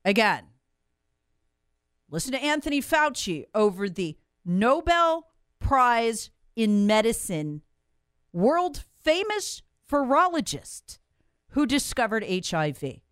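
A woman's voice: on the high side, very animated, slow pace, fairly bright tone, clear, resonant tone, no echo, clean studio sound. A woman, hosting and delivering an angry, emphatic monologue full of rhetorical questions. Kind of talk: impassioned monologue.

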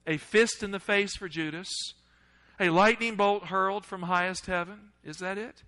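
A man preaching a sermon, asking the congregation questions and swinging between loud, urgent lines and hushed ones. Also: high voice, fairly even intonation, normal speed, rough recording. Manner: asks the audience questions.

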